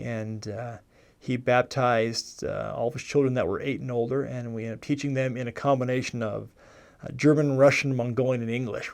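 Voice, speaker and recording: A medium-pitched voice with vocal fry and a darkish tone belongs to an American former missionary in his forties. He shares his life story loosely and conversationally, correcting himself again and again.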